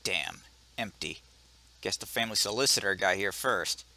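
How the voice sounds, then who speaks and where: A man doing a dry, snobbish gentleman burglar. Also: low voice, moderate pace, pitched below the performer's own voice, full character voice. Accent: put-on British. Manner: dry, deadpan, wry asides. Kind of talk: video game voice-over reading.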